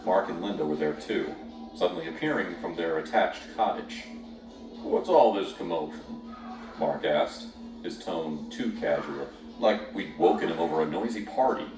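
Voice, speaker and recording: A man's voice: low voice, moderate pace. A man narrating a scripted horror story, dramatic and lingering on grim details. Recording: echoey, distant, with music behind.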